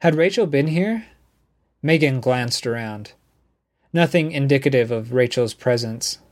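This is scripted narration of a novel by a male audiobook narrator. He has a mid-range voice and keeps his storytelling steady and measured.

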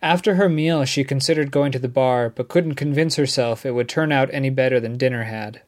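This is scripted audiobook narration of a novel by a man whose voice sits at medium pitch. He tells the story in a steady, measured way.

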